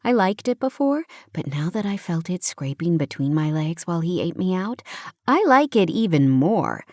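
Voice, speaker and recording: Low-voiced woman narrating a romance audiobook. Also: moderate pace, dry recording, clean studio sound. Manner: intimate, expressive reading.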